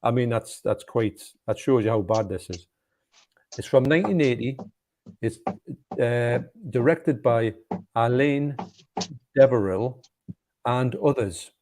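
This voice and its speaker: A man, co-hosting a casual film chat, enthusiastic and quick to laugh, often restarting his sentences. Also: medium pitch, background noise. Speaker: co-host.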